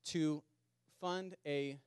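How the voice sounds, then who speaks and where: A man preaching a sermon to a small church congregation, earnest, repeating words and slowing down to stress key lines. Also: fairly high pitch, steady tone, a little mellow, clean tone, dry recording, clean studio sound. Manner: earnest, repeats words, speeds up and slows for emphasis. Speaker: pastor. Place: small church meeting in a community center.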